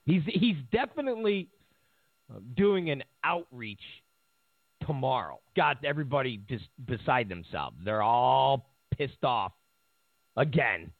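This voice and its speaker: Gravelly, mocking male commentator on a tinny line. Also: medium pitch, big pitch swings, a little slow, no room sound. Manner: mocking, repetitive, laughs at his own points. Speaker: political commentary host. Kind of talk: casual political commentary. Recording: tinny phone-like audio.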